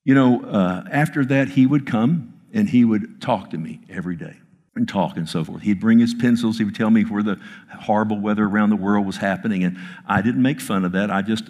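Earnest pastor telling a story in a sermon. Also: male voice, lowish voice, a little mellow. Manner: earnest, emphatic, with halting restarts. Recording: long reverb of a large hall.

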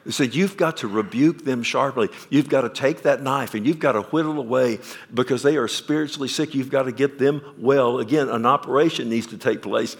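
A male pastor, preaching a sermon. He questions the congregation and swings from loud emphasis down to quiet. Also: mid-range voice, fairly quick, gravelly, few pauses.

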